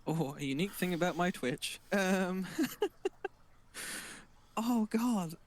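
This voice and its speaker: A man's voice: sits high, expressive, takes it slowly, a little hiss or hum. A man guest in a casual podcast chat, laughing often and hesitating with lots of fillers. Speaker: streamer guest.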